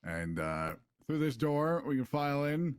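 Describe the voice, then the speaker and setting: Man, mid pitch, dry close sound; instructive trainer walking recruits through a station. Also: sing-song, measured pace, smooth, dry recording. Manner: explanatory, instructive. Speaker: police trainer giving a station tour. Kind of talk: casual role-play walkthrough.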